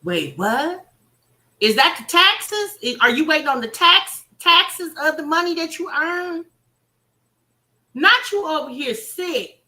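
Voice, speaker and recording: Chatty, animated woman reaction streamer. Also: high-pitched, slow, roomy sound. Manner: chatty, addresses viewers as y'all, teasing. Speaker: reaction channel host. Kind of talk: casual livestream commentary.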